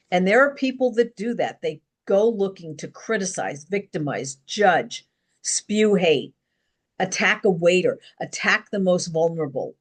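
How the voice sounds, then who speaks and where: A middle-aged woman talking to camera in an earnest, rambling personal monologue, pausing and restarting as she goes. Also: on the low side. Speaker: vlogger.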